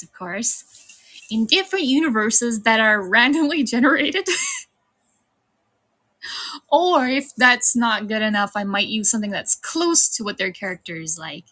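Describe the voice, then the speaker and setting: A woman's voice: on the high side, bright, forceful tone. A woman in her thirties with a slight Irish tinge, chatting casually on her streaming debut and laughing often. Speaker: VTuber streamer. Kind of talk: casual livestream chat.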